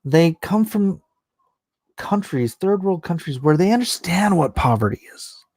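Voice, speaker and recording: Hoarse male streamer, slow and rambling, dry close sound, casual opinion chat. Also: mid-range voice, dark tone, no room sound. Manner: rambling, opinionated, restarts often. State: voice going hoarse. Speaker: livestream host reading chat. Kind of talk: casual late-night livestream chat.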